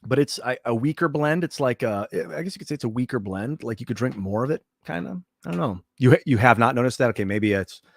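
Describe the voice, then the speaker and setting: Guy streaming a game, rambly and reflective, reads chat out loud, mid pitch, dry close mic. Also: expressive, quick pace, few pauses, no echo. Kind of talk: casual chat while livestreaming a game.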